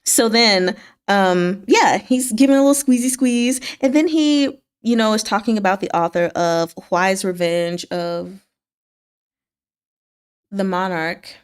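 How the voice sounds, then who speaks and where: A woman casually recapping chapters of a novel, animated and laughing often as she acts out the characters' lines. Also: medium pitch, slow pace, clean tone. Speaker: book club host. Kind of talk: casual book recap chat.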